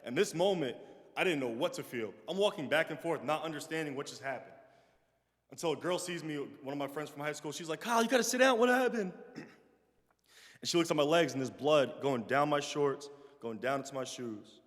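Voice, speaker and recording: A young man giving a personal storytelling talk as guest speaker, animated and acting out the voices he quotes, then dropping soft when he reflects. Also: fairly high pitch, fairly quick. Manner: animated, acts out quoted voices, trails off softly in reflective moments. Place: large chapel. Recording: long chapel reverb.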